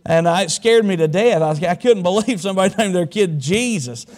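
A man's voice: high voice, expressive, a little mellow. A male pastor from Southwest Virginia, preaching a sermon and stretching out key words for emphasis. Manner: dramatic preaching, slows and stretches key words, tells folksy stories.

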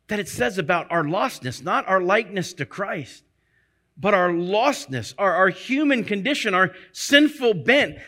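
A pastor delivers a sermon in a high, bright voice, earnest and emphatic. He doubles back on phrases to drive his point home.

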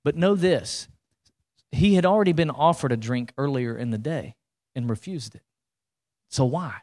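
A man, preaching to his congregation in a conversational, animated way, repeating words and asking the room questions. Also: medium pitch, normal speed. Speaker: pastor. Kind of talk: sermon.

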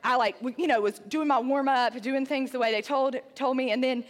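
Chatty high-voiced woman storyteller. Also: steady tone, a little fast, big-room sound. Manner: chatty, self-deprecating, many "like" fillers. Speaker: speaker. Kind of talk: humorous personal story to an audience.

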